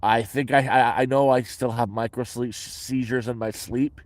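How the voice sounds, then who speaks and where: A man's voice: medium pitch, steady tone, normal speed, no echo. Blunt, profane man. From Canada. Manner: blunt, profane, matter-of-fact. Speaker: vlogger answering viewer questions. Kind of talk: casual chat. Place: his shelter.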